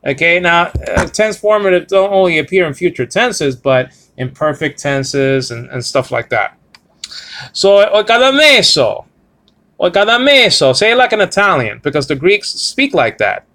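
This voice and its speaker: A man teaching a Bible Greek grammar lesson. He talks in a halting way, with many fillers and "okay?" checks, and slowly sounds out and spells words. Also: a little high, lively intonation, fairly bright tone.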